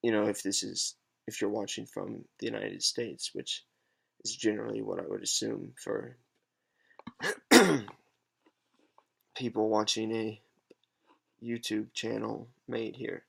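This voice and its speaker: A man in his twenties giving a halting, hesitant, unscripted monologue with many pauses and fillers. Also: on the low side, flat delivery, vocal fry, fairly bright tone, husky. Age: 20s. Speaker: patient advocate vlogger. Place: alone at home.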